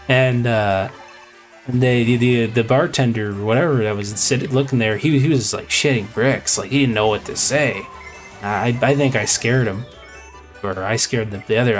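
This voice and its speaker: A man streaming live and chatting with viewers as he tells a long, meandering story. His voice sits at an ordinary middle pitch, and he keeps stopping to restart his sentences. Faint music plays behind him. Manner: rambling, with many fillers and restarts. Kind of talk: casual storytelling to stream chat.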